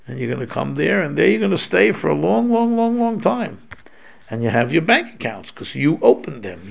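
A man's voice: mid-range voice, creaky. A man giving an informal religious lecture, talking in a loose conversational way with many restarts and Hebrew terms mixed in. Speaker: Torah teacher.

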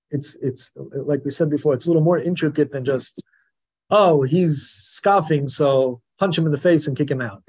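A man teaching a Torah class in a lively lecturing manner, acting out the voices of the people he describes. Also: on the high side, slightly rough. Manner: animated, acts out the questioner's voice.

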